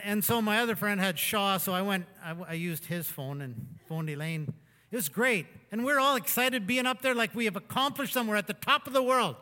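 High, bright-voiced man in a hall. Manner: rambling, folksy storytelling with self-mockery. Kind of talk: anecdotal sermon talk. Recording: long hall reverb.

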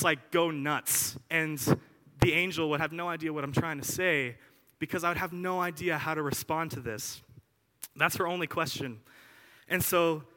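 Bright-voiced young preacher in a reverberant hall. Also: male voice, fairly high pitch. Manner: animated, chatty, lots of asides and filler words. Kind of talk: casual conversational sermon.

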